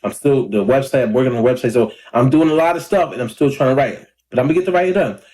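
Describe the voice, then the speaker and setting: A man in his thirties chatting casually to camera in a rambling, laid-back way, a little hoarse and clearing his throat often. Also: mid-range voice, fast talker, mellow. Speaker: independent rapper and vlogger. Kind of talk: casual talking-to-camera vlog. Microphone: camera or phone mic.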